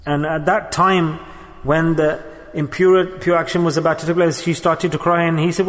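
This sermon comes from a man whose voice sits somewhat high, and he keeps a level tone at a normal speed. He alternates storytelling with Arabic verses, and a long reverb suggests a large hall.

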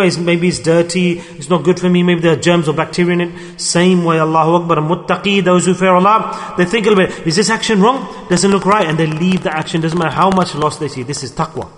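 A man giving a storytelling sermon, animated, acting out dialogue and repeating phrases for emphasis. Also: high-pitched. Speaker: preacher. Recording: long hall reverb.

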